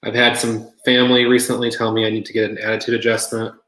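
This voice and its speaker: A man's voice: fairly low pitch, flat delivery, fast, fairly bright tone, roomy sound, poor audio. A man co-hosting a casual wrestling podcast, joking dryly and breaking down matches analytically. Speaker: podcast co-host.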